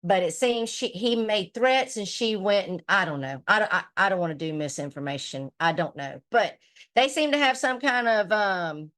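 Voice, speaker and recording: A woman streamer rambles through a gossipy recap, swearing freely. Her voice sits at a middling pitch, and she talks in a loose, unscripted way. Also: expressive, normal speed, fairly bright tone. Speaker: livestream commentator. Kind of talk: casual livestream recap.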